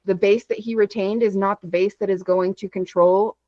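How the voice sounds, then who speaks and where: A woman from Texas chatting as a guest, telling stories in an animated, rapid way over a video call. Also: mid-range voice, no room sound, muffled recording. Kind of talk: casual chat.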